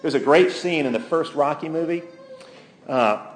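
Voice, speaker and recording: A man preaching a sermon to a week-long gathering, earnest and emphatic, slowing down to stress key phrases and quoting scripture and authors aloud. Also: on the high side, slight background noise.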